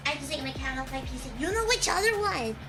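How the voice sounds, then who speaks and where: A woman's voice: high voice, animated, fast, music in the background. A young woman VTuber streamer chatting casually with her audience, telling stories with frequent giggles.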